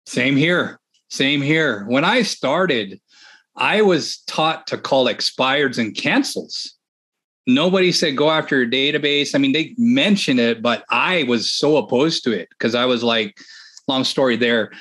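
A man hosting a podcast on real estate and coaching, talking in an energetic, chatty way and laughing often. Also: mid-range voice. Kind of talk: casual chat.

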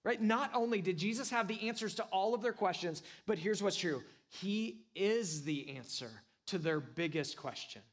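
Young male pastor, high voice, casual and emphatic sermon delivery. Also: expressive, normal speed, hardly any pauses. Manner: conversational, with frequent "like" and "right?"; emphatic and earnest.

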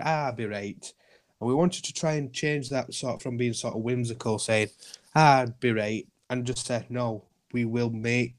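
Guy on a podcast, earnest and reassuring, mid-pitched, keeps repeating himself. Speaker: guest, community group founder. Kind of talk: podcast interview.

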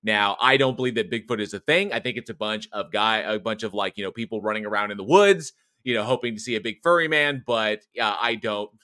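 A man's voice: on the low side, a little fast, hardly any pauses, pushed and bright, no room sound, studio quality. A man co-hosting a casual horror movie podcast from an office, rambling along with frequent restarts and laughter. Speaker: podcast co-host. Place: home office.

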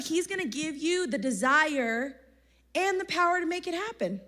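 A young woman giving a casual, energetic sermon at a youth conference, chatty and slangy, often laughing. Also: extremely high pitch, unhurried. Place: church conference hall, live audience.

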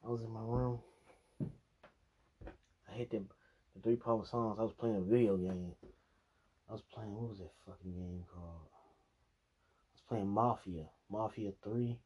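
A man's voice: on the low side, measured pace, long pauses, darkish tone, breathy edge. A young man vlogging, telling a rambling, profane drinking story and laughing at himself. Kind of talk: casual storytelling monologue.

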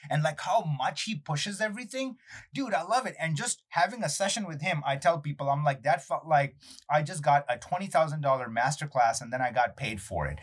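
A man in his thirties, a guest chatting casually in an interview, telling animated stories full of fillers and acted-out quotes. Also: a little high, husky. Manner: animated storyteller, acts out quotes, many fillers.

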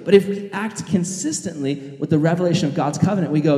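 Male pastor, relaxed, lively sermon delivery, mellow tone, roomy hall sound. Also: fairly high pitch, fast, few pauses. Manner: casual, energetic storytelling. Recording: echoey hall reverb.

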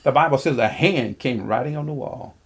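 A man's voice: medium pitch, creaky, breathy edge. A man preaching a sermon, rambling and often repeating words as he works through scripture. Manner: rambling, repeats words, pauses to find passages.

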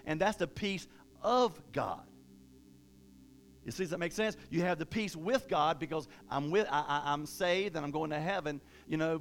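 A man preaching a sermon in a conversational way, repeating himself and growing louder when he presses a point. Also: on the high side, slight background noise. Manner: conversational preaching, rising and louder when emphatic, with repetitions and restarts.

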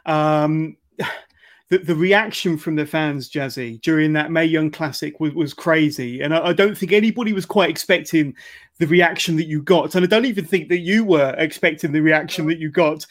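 A man hosting an interview, asking questions in a measured, halting way. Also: on the high side. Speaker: interview host. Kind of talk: conversational interview.

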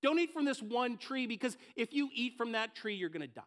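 A generous, fatherly voice of God , as a preacher puts him on, giving plain instructions. The tone is very high and lively, offering freely while setting one firm rule. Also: a little fast.

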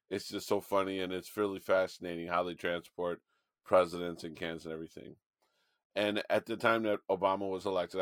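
Low-voiced man telling an animated story. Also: no room sound, studio quality. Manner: animated storyteller, frequent restarts. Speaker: podcast co-host. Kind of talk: casual political chat.

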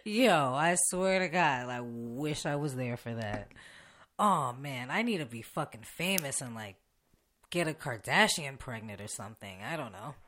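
A woman's voice: extremely low pitch, expressive, a little slow, a bit bright. A young woman hosting a podcast, ranting bluntly and casually with lots of swearing and laughs mid-sentence, recorded in a radio station studio. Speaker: podcast host. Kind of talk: unedited casual rant.

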